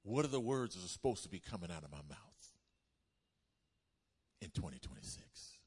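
A man preaching a sermon as pastor, calling for responses from the congregation and rising to loud bursts. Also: low-pitched, sing-song, normal speed, husky.

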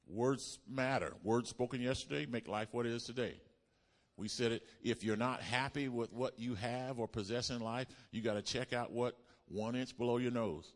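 Man preaching a lively call-and-response sermon. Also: mid-range voice, moderate pace. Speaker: pastor. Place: church.

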